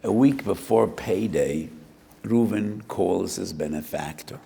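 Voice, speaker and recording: An older rabbi gives a Torah lecture as a sermon, telling a parable sprinkled with Hebrew phrases and acting out both sides of a dialogue. His low voice is slow and warm, with vocal fry and a breathy edge. The hall is roomy, with long reverb.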